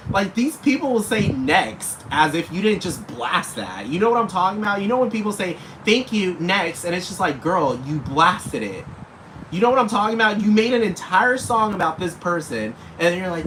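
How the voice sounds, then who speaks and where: Over noticeable background hiss, a man with a high, sing-song, slightly bright voice delivers a long, casual vlog rant at normal speed. He rambles and curses, speaking straight to the people he's targeting.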